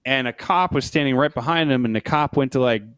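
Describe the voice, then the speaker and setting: A man's voice: mid-range voice, a little fast, a bit bright, smooth, dry recording. A man co-hosting a podcast, telling a rambling story in casual chat, laughing as he goes. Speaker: podcast co-host.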